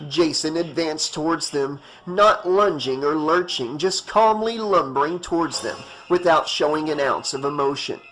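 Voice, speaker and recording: Male audiobook narrator, fairly high voice, tense dramatic reading, faint background music. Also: normal speed, few pauses, fairly bright tone, low-quality recording.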